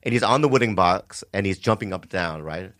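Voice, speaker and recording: Lively, lowish man; casual rambling joke teller on a close, dry mic. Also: fairly quick, no echo. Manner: rambling, animated storyteller with fillers. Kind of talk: casual joke-telling chat.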